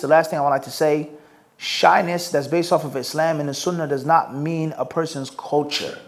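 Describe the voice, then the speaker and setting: A man with a high voice, giving a live religious lesson and answering questions. He quizzes his listeners with rhetorical questions and drops Arabic phrases into his English. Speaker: Islamic teacher. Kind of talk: live Q&A lecture.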